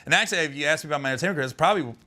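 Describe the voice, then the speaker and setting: A man from Ohio, a stand-up comedian telling stories as a podcast guest, animated and laughing as he talks. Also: a little high, very fast. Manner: animated storyteller, laughing through anecdotes. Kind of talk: casual podcast chat.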